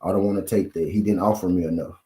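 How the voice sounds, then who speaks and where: Brief: low, mellow male host, casual boxing rant, keeps pressing viewers with questions. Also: steady tone, quick pace. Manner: repetitive, full of rhetorical questions to viewers. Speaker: boxing commentary channel host.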